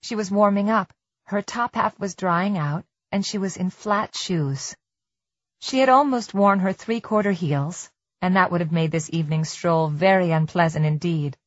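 Low-voiced woman narrating an audiobook. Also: no echo. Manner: measured, tense storytelling. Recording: slightly dull dry studio recording.

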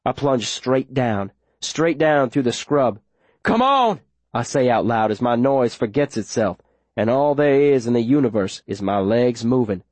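A man's voice: mid-range voice, normal speed, dry recording. A man reading a first-person audiobook with urgent, tense storytelling. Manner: urgent, tense storytelling with sudden shouted lines. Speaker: audiobook narrator.

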